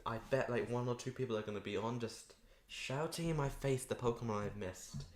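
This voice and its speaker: A man's voice: medium pitch, brisk. A man chatting casually on a live stream while he draws, rambling and poking fun at himself. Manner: rambling, self-mocking, repeats words playfully. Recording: echoey room, faint noise.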